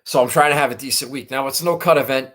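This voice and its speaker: Fired-up, swearing golf betting host. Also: male voice, medium pitch, racing, fairly bright tone. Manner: frustrated, profane, rambling. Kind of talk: casual chat.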